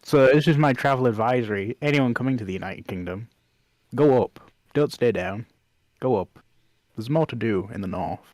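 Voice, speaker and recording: A young Englishman with an English accent chats casually as a podcast guest, speaking at normal speed in a mid-range, darkish voice with no room sound. He's a laid-back storyteller who laughs often and says "like" a lot.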